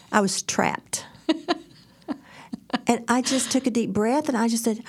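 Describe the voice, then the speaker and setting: A middle-aged woman co-hosting a faith talk show, telling stories in an animated way, acting out quotes and laughing often. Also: fairly high pitch. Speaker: podcast co-host. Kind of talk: faith-based casual chat, storytelling.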